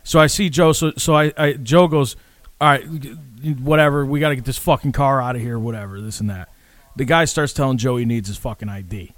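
A man's voice: mid-range voice, fairly quick, no echo. A man telling a rambling, profane story in casual chat with friends, acting out the people in it. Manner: profane, rambling, animated retelling.

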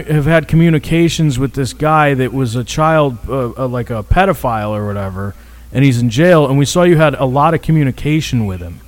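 A man's voice: medium pitch, fairly quick, dry recording. A man telling a long story in casual chat, rambling, restarting sentences and swearing freely.

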